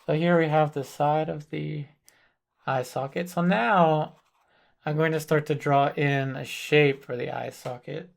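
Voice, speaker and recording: Slow, gravelly-voiced man teaching painting. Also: on the high side. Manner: thinks aloud while working, calm and deliberate. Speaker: painting instructor. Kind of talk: live painting demonstration.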